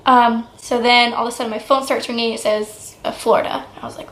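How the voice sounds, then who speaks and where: A woman's voice: fairly high pitch, fast, hardly any pauses. Chatty young woman, echoey room. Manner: chatty and excitable, many "like" fillers. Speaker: vlogger. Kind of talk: casual vlog storytelling.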